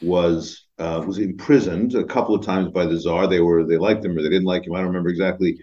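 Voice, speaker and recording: A man with a lowish voice tells a story slowly and hesitantly, stopping for fillers and restarts. The recording sounds somewhat dull and muffled. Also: steady tone, mellow. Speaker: rabbi, co-host. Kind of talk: casual storytelling.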